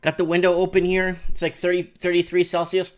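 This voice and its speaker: A man hosting a live call-in show from his home, talking in an animated rant that swings between low mutters and loud outbursts. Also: brisk, clean tone. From Canada. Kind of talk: excited casual live-stream rant. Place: home room with window open.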